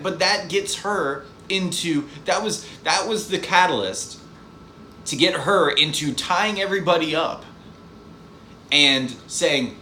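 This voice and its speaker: A man's voice: fairly high pitch, animated, unhurried, pushed and bright. A man ranting casually in a movie review vlog, exasperated and rambling, often repeating his words. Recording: echoey room, faint background hiss.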